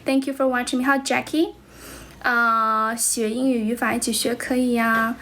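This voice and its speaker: A woman's voice: on the high side, fairly even intonation, pushed and bright, slight background noise. Chinese-accented woman teacher on a livestream. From China. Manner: switches between English and Chinese, brisk and blunt with rude viewers. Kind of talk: casual livestream chat answering comments.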